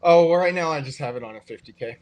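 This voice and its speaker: A man co-hosting a live stream, explaining in a relaxed way with many fillers. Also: fairly high pitch, fast. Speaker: co-host and trader. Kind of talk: casual live-stream chat.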